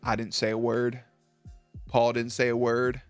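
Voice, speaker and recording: Young male streamer, laid-back and profane storyteller, middling pitch, faint music behind. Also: unhurried, clean tone. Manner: profane, laughing, animated. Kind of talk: casual storytelling to chat.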